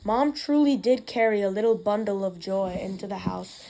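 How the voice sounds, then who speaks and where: A woman's voice: mid-range voice, normal speed, vocal fry, warm tone, a little hiss or hum. A woman reading a novel aloud in the first person, with occasional slips and restarts. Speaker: reader.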